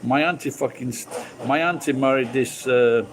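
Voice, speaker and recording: A man's voice: medium pitch, moderate pace, a little hiss or hum, rough recording. A British man hosting a live stream, chatting casually with viewers, rambling and swearing freely. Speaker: livestream host chatting with viewers.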